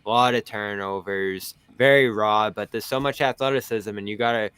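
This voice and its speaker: A man with a Boston accent talking casually as a panelist on a basketball postgame show, chatty and quick to laugh. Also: fairly low pitch, fairly even intonation, a bit bright, smooth, no echo. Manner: chatty, laughs often, tells anecdotes. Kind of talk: casual sports chat.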